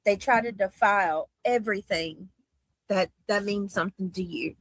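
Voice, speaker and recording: A woman's voice: medium pitch, normal speed, no echo. A woman livestreamer in a played clip, talking in an emotional, dramatic, pleading way.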